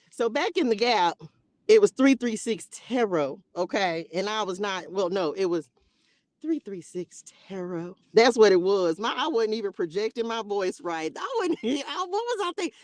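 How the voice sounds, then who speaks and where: A woman's voice: medium pitch, expressive, moderate pace, a little mellow, no echo. A woman hosting a spiritual live stream, chatting casually and playfully with her viewers in a loose, slangy way.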